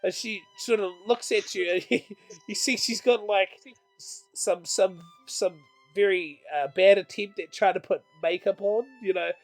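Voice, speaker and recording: A man's voice: high voice, fairly even intonation, measured pace, soft background music. A man narrating as game master, rambling with many fillers and laughs. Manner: rambling, lots of ums and laughs.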